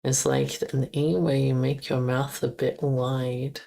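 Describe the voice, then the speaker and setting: A woman's voice: a bass voice, little pitch movement, slow pace, gravelly, mellow. A woman streaming casually, repeating German words aloud as she practices pronunciation and blurting out casual exclamations. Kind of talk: casual live-stream chat.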